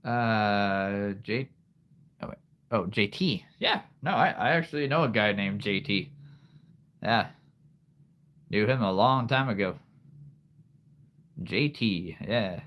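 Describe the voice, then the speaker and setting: A man's voice: on the low side, animated, slow pace, long pauses, fairly bright tone. A man hosting a casual livestream, rambling to his viewers with many fillers and frequent laughs. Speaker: livestream host.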